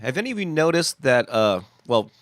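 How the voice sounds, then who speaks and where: A man hosting a casual live stream, slightly nasal with a scratchy, congested throat, talking in a halting way with many restarts and chuckles. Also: mid-range voice, very animated, no echo, clean studio sound. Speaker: host.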